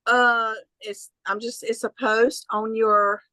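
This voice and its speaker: A woman's voice: on the high side, level tone, takes it slowly, sharp tone, no room sound, low-quality recording. A woman with a Southern accent coaching a group about social media posts on a call. Her talk is folksy and encouraging, full of "you know" and easy peasy cheer. The sound is dry and close, with no room around it. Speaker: business trainer. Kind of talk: online training call.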